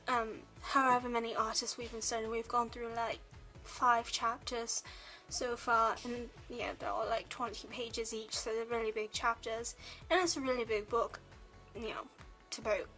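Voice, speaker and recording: A woman's voice: a little high, fairly bright tone, poor audio. Young woman in a put-on British accent. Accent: put-on British English. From United States. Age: young adult. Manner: rambling and chatty, full of ums and likes. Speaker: college student vlogger. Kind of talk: casual chat to camera.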